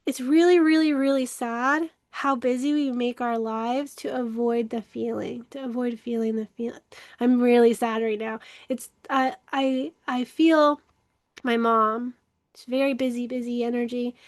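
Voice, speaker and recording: A workshop leader in emotional healing, a woman with a high, steady voice, gives casual spiritual teaching to camera in an earnest, reflective way. She speaks a little slowly and often repeats words for emphasis, recorded dry and close with no room echo.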